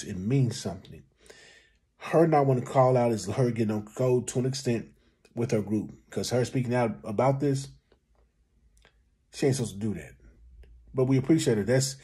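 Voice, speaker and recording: A man's voice: mid-range voice, warm tone, husky. A man commenting on a clip, speaking directly to his listeners in a preachy, casual way.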